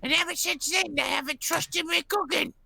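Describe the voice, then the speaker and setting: A player voicing a bumbling male royal cook in a rough, folksy put-on voice, in a tabletop game. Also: extremely high pitch, normal speed, sharp tone, no echo, full character voice. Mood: boastful. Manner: rough folksy drawl, says "me ears".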